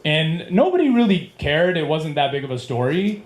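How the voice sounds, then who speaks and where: A man's voice: on the high side, big pitch swings, moderate pace. A man in his late thirties doing a rambling stand-up comedy set in a club, laughing at his own jokes. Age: 30s. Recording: echoey club with faint room noise.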